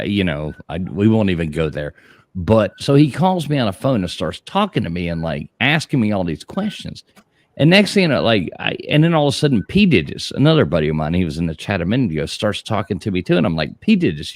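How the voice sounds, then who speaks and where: Male stream host, lower voice, very animated storyteller, profane, dry room. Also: no room sound. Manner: animated storytelling, swearing, laughing. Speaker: livestream host. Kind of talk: casual profane chat.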